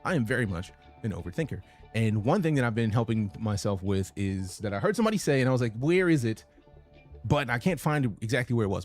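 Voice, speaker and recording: A man's voice: mid-range voice, a little mellow, dry recording. A man streaming a game, chatting casually and profanely while reading out his chat. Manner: casual, profane, reads chat messages aloud.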